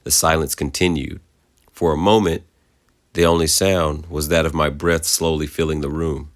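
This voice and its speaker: A man narrating a creepypasta horror story in a measured, somber way. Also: a bass voice, flat delivery.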